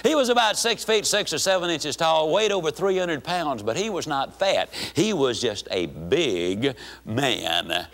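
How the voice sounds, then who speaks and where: A man telling a story in a speech, folksy and animated. His voice sits a little high and rises and falls a lot. He has an easy, plain-spoken way of talking. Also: measured pace. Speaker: speaker.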